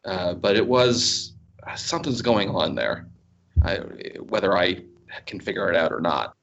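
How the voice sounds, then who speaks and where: A man's voice: low-pitched, expressive, measured pace, creaky, fairly bright tone, dull audio, slight background noise. A man co-hosting a casual podcast about a TV series, talking in a rambling, wry way and trailing off mid-thought. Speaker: podcast co-host.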